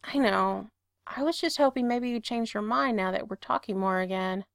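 A man's voice: sits high, moderate pace, creaky, a bit bright, clean tone, no room sound, studio quality. A woman voicing a wistful, teasing grown man in a read-aloud story. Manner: wistful, a little sheepish.

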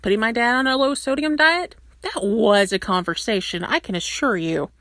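A woman reading aloud and voicing a sarcastic, excitable young man who never stops talking. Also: a little high, no room sound, clean studio sound, natural voice. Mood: flustered sarcastic. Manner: quick, sarcastic, flustered. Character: mouthy excitable young man, talks nonstop.

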